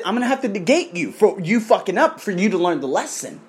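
A man in his thirties rants into the camera in a casual vlog, his pitch swinging widely as he acts out the people in his story. His talk is full of swearing and loud, expressive bursts. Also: fast talker. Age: 30s. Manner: animated, profane storytelling with mimicked voices. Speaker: coach. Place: abroad in Thailand.

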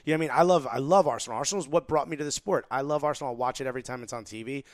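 A man's voice: mid-range voice, very fast, no room sound, clean studio sound. A man from New Jersey co-hosting a podcast, blunt and heated in casual chat, swearing freely. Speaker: podcast co-host.

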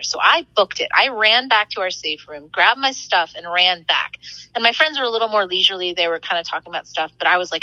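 A young woman, a podcast guest and author, chatting excitedly about her experiences and laughing often as she tells stories. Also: medium pitch, fast, no echo, poor audio. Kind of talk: casual storytelling.

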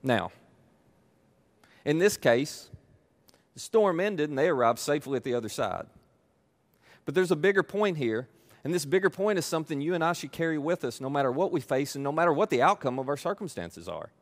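A man's voice: fairly high pitch, lively intonation, a little fast, pauses often. A man preaching a sermon with emphatic repetition and playful asides. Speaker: pastor.

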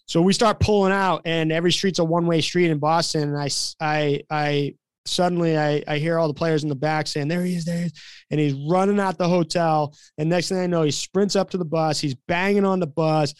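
Male podcast co-host, animated storyteller, fairly high voice, dry close sound. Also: a little fast, clean tone, no echo. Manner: animated, acts out quoted voices. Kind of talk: casual storytelling.

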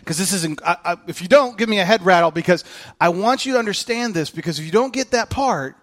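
High-voiced, animated male preacher. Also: quick pace. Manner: animated, acts out voices in quotes; candid, self-mocking humor. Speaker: pastor. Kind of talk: sermon.

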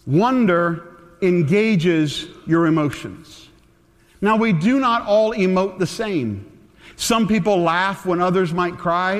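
Earnest preacher in a reverberant hall. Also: male voice, fairly high pitch. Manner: earnest, conversational preaching that drops soft and tender. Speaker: pastor. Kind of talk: sermon.

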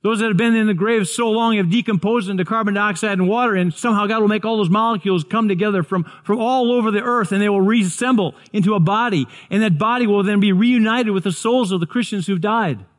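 Rushing along with hardly a pause, a pastor in his 60s preaches in a high voice. Earnest and stumbling, he repeats and restarts words as he works up to excited shouting.

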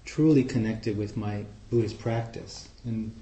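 Man, New York accent, low mellow voice, chatty guest speaker, echoey room. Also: a little slow, a little hiss or hum. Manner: relaxed, chatty, warm humor. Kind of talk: informal talk to a group.

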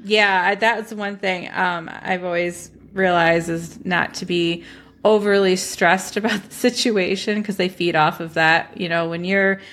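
A woman's voice: fairly low pitch, steady tone, measured pace, fairly bright tone, a little hiss or hum. A woman co-hosting a casual podcast conversation, speaking reflectively and laughing often. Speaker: podcast co-host. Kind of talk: casual chat.

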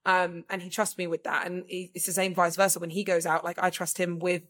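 A woman's voice: on the low side, level tone, a little fast, a bit bright. Rambling woman podcaster. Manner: rambling, filler-heavy, says "like" constantly. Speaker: podcast co-host. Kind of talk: casual chat.

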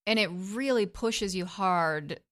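A woman's voice: medium pitch, slow pace, a bit bright. A woman co-hosting a show in casual chat, upbeat and talkative. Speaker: podcast co-host.

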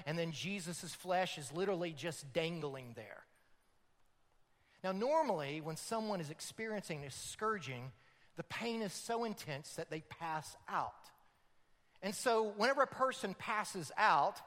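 A man preaching a sermon, dramatic and building to loud emphatic peaks. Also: high voice, expressive, a little slow, big-room sound. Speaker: pastor.

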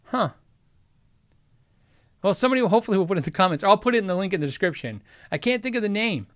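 A man's voice: sits high, lively intonation, quick pace, no room sound, studio quality. A man hosting a guitar gear livestream, chatting casually and rambling through viewer questions with jokes and self-interruptions. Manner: rambling, chatty, frequently sidetracked. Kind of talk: casual chat answering live chat.

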